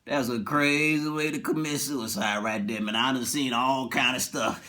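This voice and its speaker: A man's voice: medium pitch, moderate pace, pushed and bright, voice pushed down, lightly acted. A man voicing a blunt, unimpressed male airline pilot who talks in slang. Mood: incredulous.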